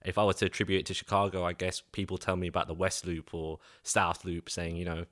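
London-accented young male guest, low flat delivery, dry close sound, explains at an even pace. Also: dry recording. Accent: London English. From East London, England. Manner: measured, explanatory, filler "like"s. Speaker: podcast guest. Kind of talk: casual interview answers.

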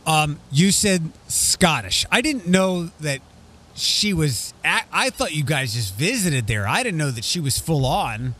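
A man's voice: a little high, very animated, a little slow, pushed and bright. A man hosting a casual podcast chat, rambling with frequent restarts. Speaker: radio host.

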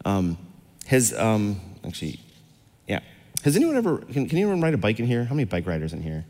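A man's voice: on the low side, wildly swooping pitch, a little fast, mellow, big-room sound. A middle-aged man preaching a casual, interactive sermon to a congregation, chatty and rambling, full of fillers and questions to the crowd. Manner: chatty, rambling, lots of fillers and restarts, asks the audience questions. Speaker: pastor. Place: church hall before a congregation.

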